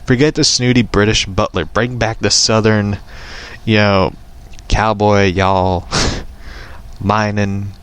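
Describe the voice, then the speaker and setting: A man's voice: on the low side, flat delivery, slow, clear, resonant tone. A man who hosts a casual show, reading a comic aloud and chatting with enthusiasm, laughing often.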